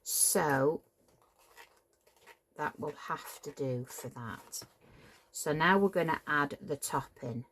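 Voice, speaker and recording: A woman's voice: low-pitched, slow, long pauses, fairly bright tone. A middle-aged woman, casually demonstrating a papercraft build, chatty and apologetic and prone to tangents. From Cheshire, England. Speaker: papercraft tutorial host.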